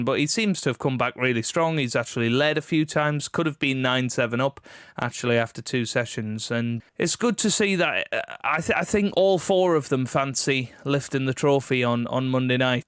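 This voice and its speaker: Smooth-voiced man co-hosting a podcast. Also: medium pitch, normal speed, fairly bright tone, no room sound, clean studio sound. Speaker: podcast co-host. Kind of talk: casual chat.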